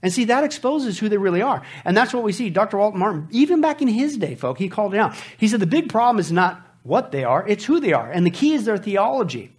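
A male Bible teacher with a fairly high voice, preaching in an animated, emphatic way. He mixes sarcastic jokes with forceful scripture reading. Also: quick pace, hardly any pauses, husky. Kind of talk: preaching commentary.

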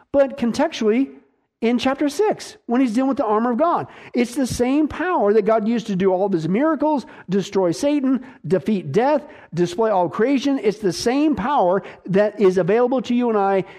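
A man with a high-pitched voice preaching a sermon. He speaks emphatically, keeps asking his listeners questions and answering them himself, and drives his points home in short, repeated phrases. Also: a little mellow. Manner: repetitive, punchy short phrases. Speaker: pastor.

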